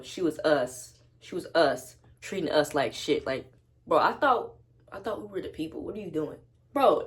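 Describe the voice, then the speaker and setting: A young woman telling a storytime vlog at home, blunt and slangy, with plenty of casual profanity. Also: deep voice. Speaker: vlogger. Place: at home with her dog.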